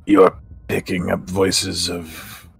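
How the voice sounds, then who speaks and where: A man playing in a tabletop game, relaxed and inquisitive. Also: sits low, takes it slowly, creaky, a crowd in the background. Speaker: player. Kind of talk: casual tabletop game play.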